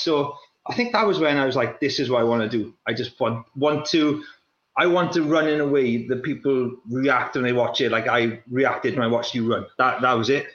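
A young man, a former runner, talking in a casual chat, restless and repeating himself in quick bursts. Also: medium pitch, a bit bright. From Wales. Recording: roomy, dull lo-fi sound.

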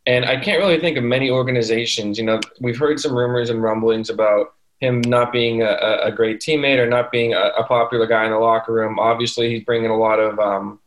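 A man of middle pitch co-hosts a relaxed sports podcast. He sounds eager and talkative, working through the details with plenty of "um"s and "like"s. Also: fairly quick, few pauses, rough recording. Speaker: podcast co-host. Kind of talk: casual podcast chat, sports analysis.

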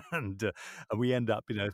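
A voiceover artist answering interview questions, thoughtful and expansive with self-deprecating humor. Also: male voice, medium pitch, dry recording, studio quality.

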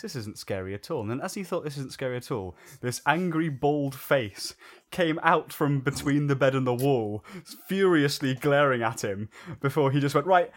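A young man, a podcast co-host telling a story in casual chat, with lots of restarts. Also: medium pitch. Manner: animated storyteller, swears freely, many restarts.

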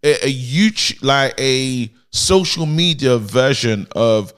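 A man's voice: mid-range voice, slow, fairly bright tone, clean tone. A married man, co-hosting a comedy podcast in a rambling, earnest way. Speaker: podcast co-host. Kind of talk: casual comedic chat.

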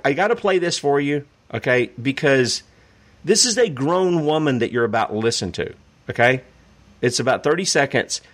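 A man's voice: mid-range voice, fairly bright tone. A man hosting a radio talk show, delivering emphatic, indignant political commentary.

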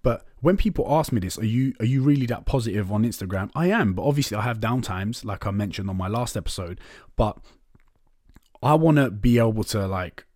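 Expressive and a bit fast, a young podcast host with a low, darkish voice tells a personal story in a candid, chatty monologue full of swearing and "innit, man." There's no room sound in this clean studio recording.

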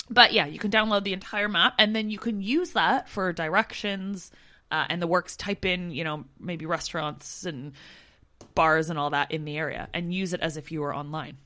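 A woman with a lower, bright and forceful voice talks through a how-to tip for listeners. She explains it loosely, with plenty of "you know" and "whatever.". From not from the country she now lives in. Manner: explaining, loose and full of fillers. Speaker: podcast co-host. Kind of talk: casual chat.

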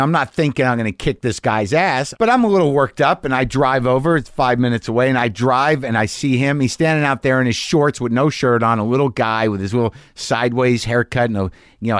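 A man's voice: mid-range voice, dry recording, clean studio sound. A man hosting a podcast, telling a story in a casual, profane, worked-up monologue. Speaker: podcast host.

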